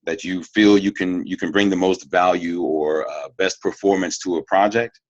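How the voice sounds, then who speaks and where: A man's voice: sits low, steady tone, moderate pace, dry recording, dull audio. A man who works as a voiceover actor, talking candidly and easygoing as an interview guest, laughing now and then. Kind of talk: casual interview talk.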